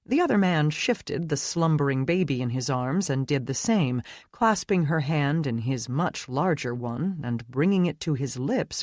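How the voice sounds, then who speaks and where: An audiobook narrator reads with a measured, expressive delivery. The recording is dry and intimate, with no room sound. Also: mid-range voice, no room sound. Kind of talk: scripted narration.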